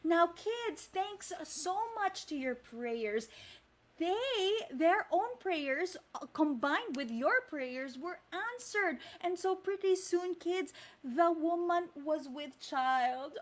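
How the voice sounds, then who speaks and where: A woman's voice: very high-pitched, animated, takes it slowly. A woman from the Philippines telling a fairy tale live to children, talking straight to them and coaxing them to join in. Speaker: children's storyteller. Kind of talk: live interactive storytelling for kids.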